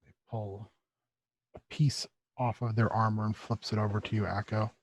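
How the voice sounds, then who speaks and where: A man narrating as game master of a tabletop role-playing session, relaxed and unhurried. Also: on the low side, breathy edge.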